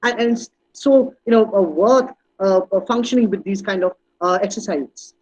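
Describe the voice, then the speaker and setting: A man's voice: high-pitched, normal speed, a little mellow, poor audio. A man giving an online teacher-training talk, hesitant with many fillers and restarts, and leaning hard on stressed words when he demonstrates them. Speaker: guest speaker on language teaching.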